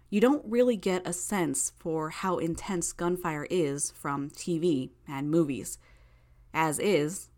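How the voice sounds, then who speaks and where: A woman narrating a novel in the first person, steady and even. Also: deep voice. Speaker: audiobook narrator.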